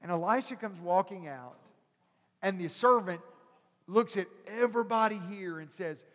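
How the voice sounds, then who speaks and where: A male pastor preaching a sermon, telling a story animatedly and acting out the characters before building to loud preaching. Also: sits high, expressive, moderate pace. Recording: long hall reverb.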